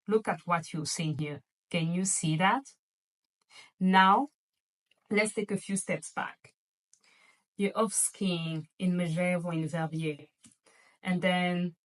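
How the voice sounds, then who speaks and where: A woman's voice: on the low side, distant mic, rough recording. A woman vlogger chatting casually and playfully to her viewers about luxury shopping, gushing over items. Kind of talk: casual chatty haul video.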